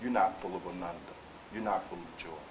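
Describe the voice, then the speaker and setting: A spiritual teacher preaches to a live audience in a meeting room, speaking briskly and conversationally straight to his listeners. He shifts between quiet asides and loud, emphatic exhortation. The room is echoey and spacious, and a faint hiss runs beneath his voice.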